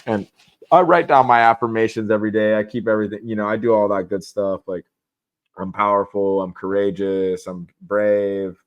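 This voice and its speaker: A man's voice: fairly low pitch, fairly even intonation, normal speed, highs cut off. A young man as a podcast guest, talking candidly and casually about how he prepares for competition, with rambling restarts. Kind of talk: casual interview talk.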